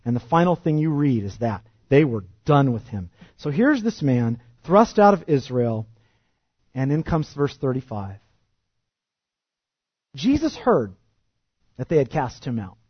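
A male pastor preaching a sermon, animated and shifting from loud emphasis to hushed intensity. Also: mid-range voice, a little slow, pauses often, slightly rough, no echo, muffled recording.

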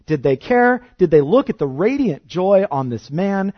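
A man preaching a sermon with passion, firing rhetorical questions and swinging from quiet to loud. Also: high voice, sing-song, moderate pace, few pauses, dry recording, lo-fi sound. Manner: impassioned, rhetorical questions, wide swings of loudness. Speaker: pastor.

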